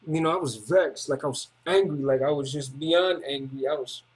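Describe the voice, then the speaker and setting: A man's voice: a little high, moderate pace, breathy edge. A man giving a rambling, emotional personal testimony in repetitive, slangy street talk. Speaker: testimony speaker.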